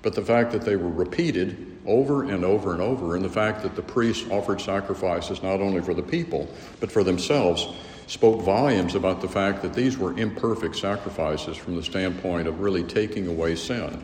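A man teaching a theology lecture in a measured, earnest way, often restarting his phrases. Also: low voice, a little mellow. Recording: echoey hall, faint room noise.

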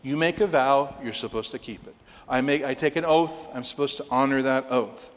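A man preaching an expository sermon, animated and emphatic, at times carried along by sports imagery. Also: medium pitch, normal speed. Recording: long hall reverb.

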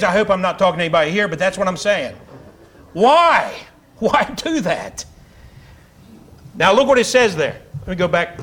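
A man's voice: high-pitched, lively intonation, normal speed, long pauses, a bit bright. A male pastor preaching a sermon to his congregation in a fiery, conversational way with chatty asides. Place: church sanctuary.

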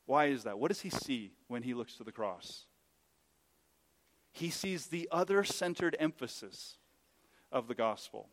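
A man preaching a sermon as pastor, impassioned, swinging from quiet explanation to loud exhortation and acting out the voices he quotes. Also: medium pitch, expressive, unhurried, long pauses, in a large hall.

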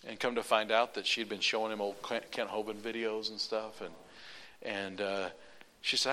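A male preacher telling a personal story in a sermon, animated, running sentences on with repeated "and". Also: lowish voice, a little slow, pauses often.

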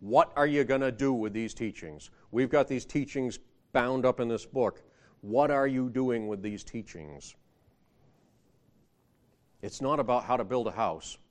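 A man delivering a sermon in an easygoing, conversational manner. His voice sits at an ordinary middle pitch. He swells louder and higher when he quotes scripture, then drops back to explain it, often closing with a rhetorical question. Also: measured pace, pauses often. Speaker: preacher.

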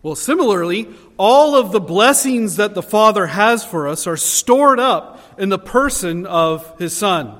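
A man's voice: sits high, animated, unhurried, hardly any pauses, a bit bright. A man preaching a sermon as pastor, earnest, building emphasis on key phrases. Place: church sanctuary. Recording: long reverb of a hall.

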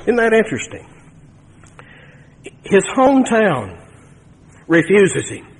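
A man preaching a sermon in a folksy, animated way, with asides to his congregation. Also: high voice, slow. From Nevada. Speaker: pastor. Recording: long reverb of a church hall.

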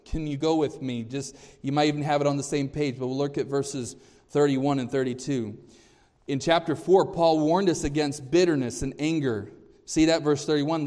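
Emphatic male pastor in a reverberant hall. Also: darkish tone. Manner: emphatic, often rising in pitch and volume, quizzing the congregation; repeats and restarts words, measured and deliberate in places. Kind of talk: sermon.

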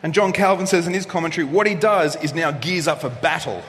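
A man preaching a sermon in a fairly high voice, rising to loud, emphatic moments and then dropping to hushed ones. His voice carries a long hall reverb, with a faint hiss underneath. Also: quick pace. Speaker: pastor.

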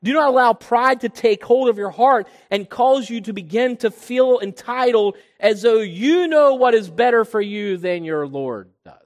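Male pastor, high-pitched, preaching style that swells and hushes, recorded with long hall reverb. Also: animated, normal speed, few pauses. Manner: preaching, swells loud on key points, drops low on quiet ones. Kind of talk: sermon.

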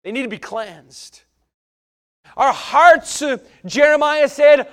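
A man with a high voice preaches a sermon, his delivery swinging between loud, emphatic bursts and quiet asides. His talk is folksy and plain-spoken, with touches of humor. He comes across as middle-aged. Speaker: pastor.

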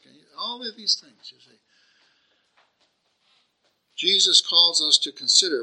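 A man's voice: a little high, lively intonation, takes it slowly, pauses often, sharp tone, low-quality recording. A man preaching a sermon, earnest and searching, asking rhetorical questions and often restarting his phrases.

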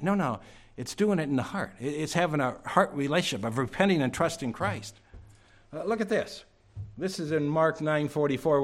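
A man preaching a sermon to a congregation in a church. He asks many rhetorical questions and drops to a hush at times. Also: sits high.

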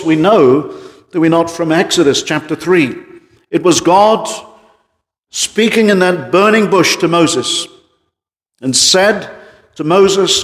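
A man preaching an evening sermon as pastor, emphatic, with drops into a quiet voice. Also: a little high. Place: church. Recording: church hall reverb.

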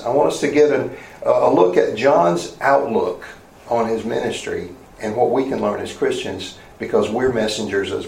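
A man giving a sermon as pastor, conversational and plain, often pausing on fillers and asking rhetorical questions. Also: medium pitch, vocal fry, darkish tone, reverberant, a little hiss or hum, low-quality recording.

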